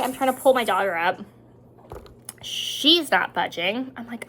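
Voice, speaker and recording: A woman's voice: medium pitch, expressive, normal speed, sharp tone, slight background noise. A woman in her thirties telling a story in casual chat to the camera at home, often dropping into whispers. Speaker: vlogger. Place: home indoors.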